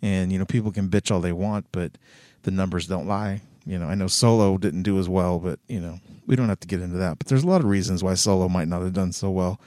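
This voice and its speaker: A man's voice: low voice, quick pace, mellow, no echo. Swearing male host, dry sound. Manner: loose and swearing, with many fillers. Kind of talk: casual commentary.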